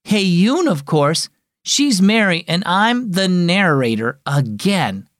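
A man's voice: high-pitched, big pitch swings, slow pace, a bit bright, dry recording, studio quality, pitched above the performer's own voice, exaggerated voice. Man playing a sulky jealous schoolgirl. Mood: sarcastic. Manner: pouting, sarcastic.

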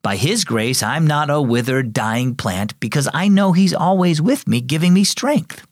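A caring aunt from a storybook, speaking gently and reassuringly to her niece. A man reads her on a dry, close mic. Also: a little high, lively intonation, unhurried, no echo, pitched above the performer's own voice. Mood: gentle.

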